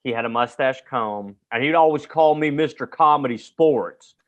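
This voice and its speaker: A man's voice: mid-range voice, normal speed, dull audio. Man rambling through funny school stories. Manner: rambling, jokey, reads aloud and acts out quotes. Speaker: podcast host. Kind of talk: casual storytelling chat.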